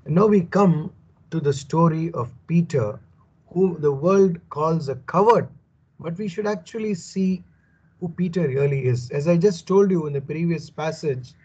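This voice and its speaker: Emphatic husky-voiced male preacher. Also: on the high side, normal speed, a little mellow, highs cut off. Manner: emphatic, repetitive, rhetorical questions. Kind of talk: Bible teaching sermon.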